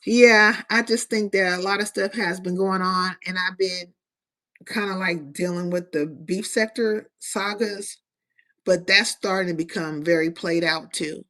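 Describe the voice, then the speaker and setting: A woman's voice: lowish voice, fairly even intonation, unhurried, pushed and bright. A woman hosting her own livestream, talking loosely and with lots of swearing as she rambles, reacts to comments and greets viewers. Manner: loose, profane, rambling chat with chat readers. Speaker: livestream host. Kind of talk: casual livestream chat.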